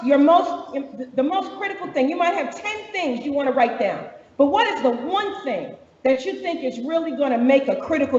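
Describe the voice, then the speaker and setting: Woman running a workshop, high voice, far off in a big echoey room, kinda muffled. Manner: direct, conversational, with fillers. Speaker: workshop facilitator. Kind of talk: instructions to a workshop audience. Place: large conference room. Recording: echoey hall, distant, dull lo-fi.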